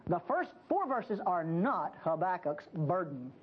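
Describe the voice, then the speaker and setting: Animated woman teaching scripture. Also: fairly low pitch, measured pace, breathy edge. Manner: animated, acts out the prophet's pleas. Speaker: Bible teacher. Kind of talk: conversational Bible teaching. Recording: dull lo-fi tape with faint hiss.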